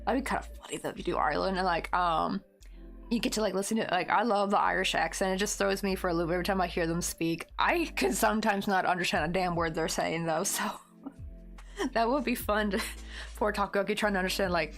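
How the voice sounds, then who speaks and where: A woman's voice: medium pitch, brisk, fairly bright tone, soft background music. A woman chatting casually with viewers while crocheting, rambling along with lots of "like" and frequent laughter. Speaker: crochet livestreamer.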